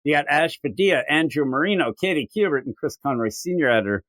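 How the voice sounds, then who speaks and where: A man co-hosting a comic book podcast in casual chat. He rambles and mocks himself, and his pitch jumps up whenever he quotes someone. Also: animated, fast, fairly bright tone, no room sound. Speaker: podcast co-host.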